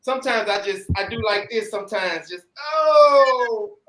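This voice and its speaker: In an echoey room, a man with a high-pitched, sharp-toned voice chats casually at a brisk clip. He speaks bluntly, using slang and swearing loosely.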